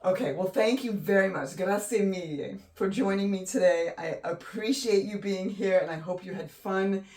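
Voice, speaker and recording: A woman hosting a casual painting tutorial, gushing and excitable, often trailing off mid-sentence. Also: medium pitch, moderate pace. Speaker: art channel host. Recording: voice a bit distant from the mic.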